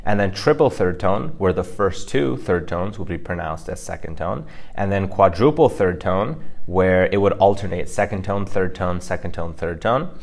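A young man co-hosting a podcast lesson, explaining at length in a quick, chatty way with fillers. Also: sits low, lively intonation, creaky, a little mellow. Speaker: podcast co-host teaching Mandarin.

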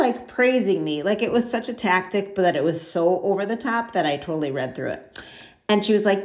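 A woman hosting a casual solo podcast, chatty and candid, with lots of "like" and "um" and lively storytelling. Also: medium pitch, brisk, slight background noise. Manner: chatty and candid, frequent fillers like "like" and "um"; animated storytelling with laughs and quoted asides. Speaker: podcast host.

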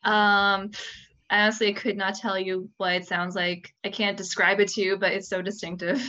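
A woman's voice: mid-range voice, little pitch movement, moderate pace, bright, forceful tone. A woman hosting a casual chat, asking the others questions and laughing easily. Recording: dull lo-fi recording.

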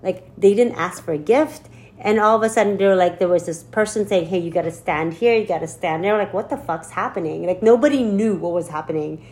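A woman's voice: fairly low pitch, fairly quick, a little mellow. A woman co-hosting a podcast in casual chat, telling an upbeat story that rambles and often restarts. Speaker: podcast co-host.

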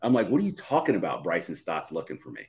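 A middle-aged man with a fairly low voice tells a long, heartfelt story. He rambles, doubles back and restarts his phrases as a guest on a live show. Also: huge pitch swings, fast, darkish tone. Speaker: podcast guest.

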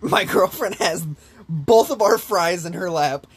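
A young man in casual chat, telling a long story in an animated way with lots of swearing and laughter. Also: sits high, a little slow, breathy edge. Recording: faint background noise.

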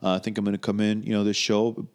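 A man's voice: fairly low pitch, level tone, fast, lightly acted. A man voicing a polite male bodybuilder giving a bland, rehearsed interview.

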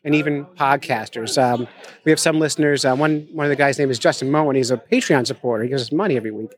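A podcast host with a medium-pitched voice talks at a quick pace, recording live at a conference venue. He chats casually at a conference table, making jokey, self-mocking asides.

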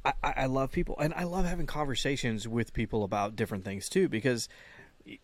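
Man, casual podcast chat, profane and emphatic, repetitive, quick bursts, dry recording. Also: mid-range voice, dry recording. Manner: profane, emphatic, repeats words. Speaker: podcast co-host.

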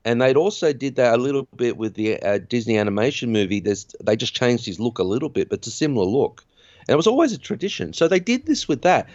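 A man's voice: mid-range voice, big pitch swings, quick pace, darkish tone, no echo, dull audio. A man hosting a podcast, recapping a film in a chatty, rambling way. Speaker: podcast host. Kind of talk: casual film recap chat.

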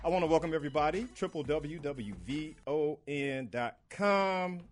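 A man's voice: on the high side, normal speed, hardly any pauses. A man hosting a casual radio talk show, joking and laughing with his co-hosts. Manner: animated, laughing banter.

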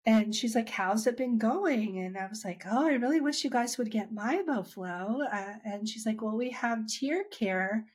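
In this casual storytelling, an interviewee recounts her dry eye experience in a fairly high, slightly mellow, husky voice. She talks at a normal speed with few pauses, chatting loosely, frequently starting over, and performing the words of herself and other people.

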